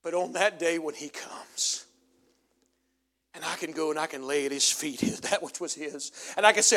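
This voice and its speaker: A middle-aged pastor preaching a sermon, swinging from loud preaching to low, confessional storytelling. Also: male voice, animated, normal speed. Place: church sanctuary.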